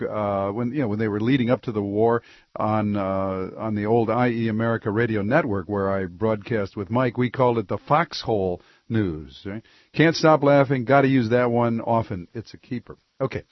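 A man's voice: on the low side, normal speed, no echo, dull audio. Rambling male radio talk host. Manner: loose, rambling, jokey. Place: radio studio.

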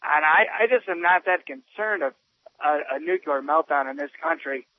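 A man phoning in to talk radio, sounding earnest and a little unsure as he explains. His voice sits a bit high and comes through a thin, phone-like line. The sound is dry. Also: expressive, moderate pace, no echo. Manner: earnest, hesitant, loosely explaining. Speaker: caller. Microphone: telephone.

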